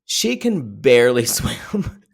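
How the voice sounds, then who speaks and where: A man, co-hosting a podcast and recapping a reality show in quick, playful, teasing chat. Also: mid-range voice, big pitch swings, creaky, breathy edge. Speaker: podcast co-host.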